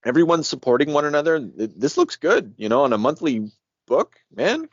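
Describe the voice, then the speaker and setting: A man co-hosting a casual podcast about comics, talking in an animated way, laughing often and swearing freely. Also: fairly high pitch, fairly quick, dry recording. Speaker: podcast co-host. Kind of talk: casual comic book discussion. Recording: dry, dull lo-fi sound.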